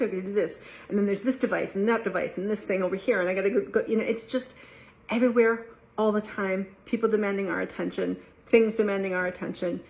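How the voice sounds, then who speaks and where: A woman's voice: mid-range voice, fast talker. Laid-back chatty woman. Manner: relaxed, chatty, laughs often, playful quoted voices. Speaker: mindfulness vlogger. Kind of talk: casual talk to camera.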